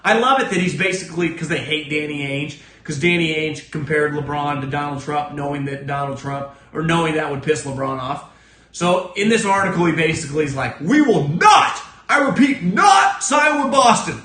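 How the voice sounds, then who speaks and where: Here the same kind of solo sports podcast rant comes through a fairly quick, fairly bright male voice with roomy acoustics. His takes are blunt, profane and emphatic, and he mimics other people's words in a deeper voice.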